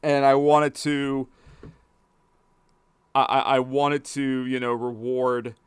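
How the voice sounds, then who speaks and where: A man's voice: medium pitch, level tone, slow, smooth, no echo. A man giving casual commentary over a video game, hesitant and stammering, often repeating words. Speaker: gaming video host.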